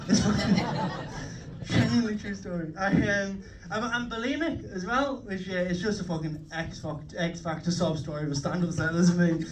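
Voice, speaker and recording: A man's voice: high-pitched, brisk, a little hiss or hum. A young man with a Liverpool accent doing a swearing, self-mocking stand-up set on a comedy club stage. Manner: swearing, self-mocking, chatty crowd work. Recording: live club mic heard from a distance. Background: audience laughter.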